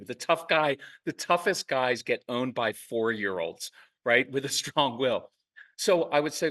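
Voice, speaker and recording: A man talking casually in an interview, telling lively parenting stories and acting out parents and kids in quick asides. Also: medium pitch, recorded from a distance. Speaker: parenting podcast host and guest expert. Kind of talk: conversational interview.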